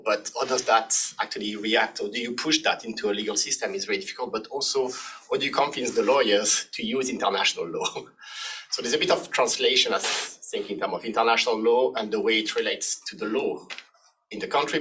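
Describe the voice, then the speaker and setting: A man from France with a French accent, hoarse, giving a chatty seminar talk as a human rights law professor. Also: medium pitch, quick pace, bright, forceful tone, distant mic, a little hiss or hum, low-quality recording. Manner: chatty, self-deprecating, laughs between points.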